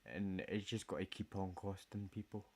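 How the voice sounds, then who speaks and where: Scottish guy rambling on, jokey, lots of swearing, bit husky. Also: sits low, moderate pace, darkish tone. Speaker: vlogger. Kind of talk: casual rambling chat.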